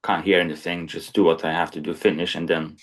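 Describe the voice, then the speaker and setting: A man's voice: low-pitched, level tone, fast talker. A man who is a crane supervisor, talking in casual podcast chat, plain-spoken and peppered with "you know".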